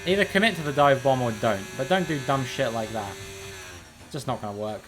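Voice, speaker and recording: A man's voice: medium pitch, lively intonation, a little fast, noisy background. A man streaming live, giving casual, joking commentary while he plays, with rambling sarcastic asides.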